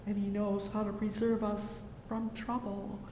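A preacher delivering a fervent sermon, repeating "oh, yes" and "praise the Lord" and swelling loudly on the exclamations. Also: flat delivery, a little slow. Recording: echoey hall with faint rumble.

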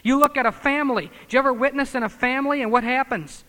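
Bright high-voiced preacher in echoing hall. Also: male voice, quick pace. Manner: emphatic, swings from loud declarations to low muttered asides; scornful, sarcastic asides. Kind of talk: sermon.

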